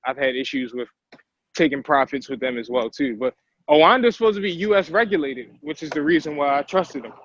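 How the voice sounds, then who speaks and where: A man's voice: fairly high pitch, brisk, lo-fi sound, a little hiss or hum. Hesitant man asking questions. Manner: hesitant, filler-heavy, rambling. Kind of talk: casual call-in chat.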